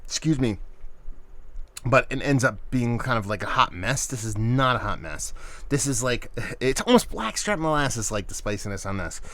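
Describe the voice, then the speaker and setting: A man reviewing beer for his channel in a relaxed, chatty way. He talks loosely and with enthusiasm, full of slang, at a middling pitch. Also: normal speed. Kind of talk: casual video review.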